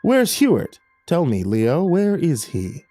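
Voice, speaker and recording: A man doing a monotone robotic creature-man. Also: on the high side, takes it slowly, faint music behind, pitched above the performer's own voice, full character voice. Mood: insistent. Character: inhuman male stranger, monotone and robotic.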